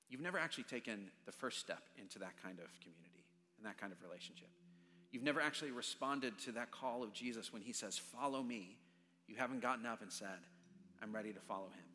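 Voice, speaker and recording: Leading a prayer in church, a pastor speaks at medium pitch in an earnest, pleading manner, repeating phrases through his sermon and altar call. The recording has a long reverb, soft music underneath, and a slight hiss or hum.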